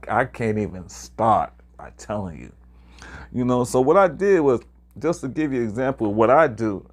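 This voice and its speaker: A Harlem, New York man in his sixties chats casually with video viewers about his travels, his medium-pitched voice a little mellow. He rambles and hesitates, using lots of fillers as he shares his experiences.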